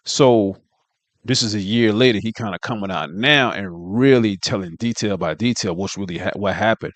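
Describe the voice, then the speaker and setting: A man's voice: on the low side, moderate pace, no echo. A man co-hosting a casual commentary chat, slangy and incredulous, often asking "you know what I mean". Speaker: co-host.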